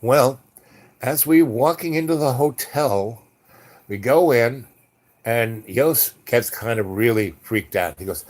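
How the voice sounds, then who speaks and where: A man's voice: mid-range voice, a little slow, darkish tone. Rambling male storyteller. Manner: rambling, with many restarts and fillers. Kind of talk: casual spoken anecdote.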